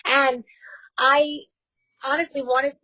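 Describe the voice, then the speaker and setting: A woman in her forties with a New York accent, a radio host telling her story in a casual interview, candid and quick to laugh. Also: high-pitched, level tone, bright, forceful tone, no echo, rough recording.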